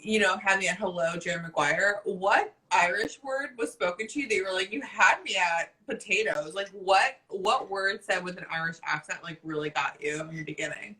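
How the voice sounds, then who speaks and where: A woman hosting a casual live chat with a bright, forceful voice. She gushes, teases and swears freely, with a playful edge. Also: lowish voice, moderate pace, few pauses, low-quality recording. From New Jersey. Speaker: host.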